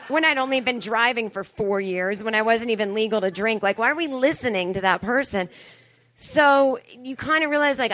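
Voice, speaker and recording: A woman's voice: a little high, fairly bright tone, no echo. A woman in her forties doing a chatty, profane, self-mocking live comedy monologue on stage, full of asides. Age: 40s. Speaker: comedian and podcast host. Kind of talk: live stand-up style monologue. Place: live show venue with audience.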